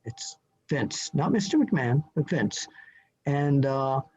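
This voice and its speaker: An older man, a journalist appearing as a podcast guest, telling a story from memory in a halting way, full of fillers and restarts. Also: medium pitch, lively intonation, a little mellow. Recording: slightly dull lo-fi audio with faint hiss.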